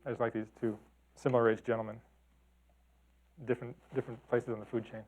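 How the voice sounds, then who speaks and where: A man's voice: mid-range voice, flat delivery, quick pace, a little mellow. A middle-aged man from the talking casually about his photographs, rambling with lots of fillers and restarts. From Chicago and Detroit. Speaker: photographer giving a talk. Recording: tinny phone-like sound.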